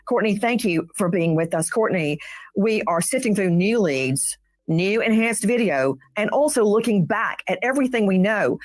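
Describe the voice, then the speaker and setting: A woman runs a broadcast interview in a brisk, direct way. Her questions come crisp and to the point, and she sits close to the mic in a dry, dead room. Her pitch sits in the middle range. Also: dry recording.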